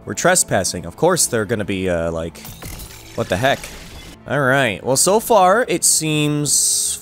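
An excitable young man narrates his gameplay, his voice rising and falling sharply as he laughs and shouts at the game. He talks slowly, with faint game music underneath. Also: mid-range voice. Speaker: gaming YouTuber. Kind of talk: game commentary.

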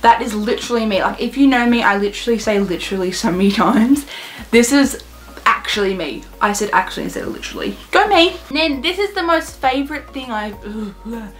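A teenage girl gushing excitedly through a casual beauty haul vlog, saying "literally" constantly. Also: on the high side, brisk. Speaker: beauty vlogger.

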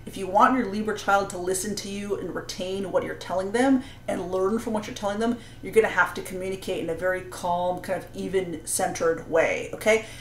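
A woman's voice: mid-range voice, steady tone, a little fast, few pauses, a little hiss or hum. A woman giving parenting advice to camera, explaining earnestly with many "you know"s and "right?"s. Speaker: parenting coach and astrologer. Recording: roomy echo.

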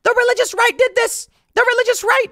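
A man's voice: a little high, moderate pace, a bit bright, no echo, clean studio sound. A man mimicking a hysterical woman who shrieks and wails in her car. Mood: shrieking hysterical. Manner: shrieking, wailing.

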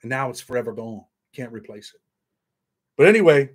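A man's voice: mid-range voice, animated, fairly quick. A man hosting a casual livestream, rambling and swearing while reading viewer comments aloud. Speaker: show host.

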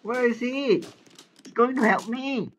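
A man hosting a live game commentary, excitable and often shouting as he plays. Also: very high-pitched, a little slow, slight background noise, rough recording. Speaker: gaming channel host.

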